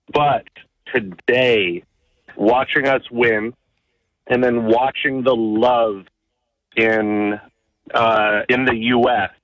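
A man from Canada calling in to a sports radio show, earnest and halting, with lots of fillers. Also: medium pitch, fairly bright tone, dry recording. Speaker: caller. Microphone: phone. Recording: muffled phone-call audio.

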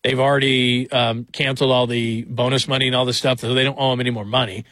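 A man's voice: medium pitch, level tone, fast, fairly bright tone, no room sound. A man hosting a late-night sports talk radio show, chatty and rambling with wry asides. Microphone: studio microphone.

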